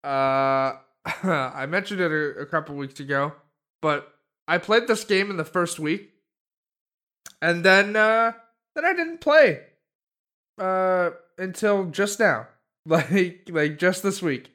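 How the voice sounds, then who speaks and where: A man's voice: high voice, slow, long pauses, a bit bright. A man co-hosting a podcast in casual chat, rambling with many fillers and restarts. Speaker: podcast co-host.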